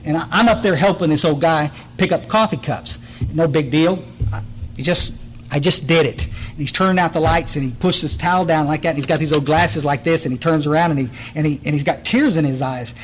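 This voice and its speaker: A man's voice: on the high side, slight background noise, rough recording. A man, giving a blunt, direct recovery meeting talk full of stories and restarts, speaking in a meeting room.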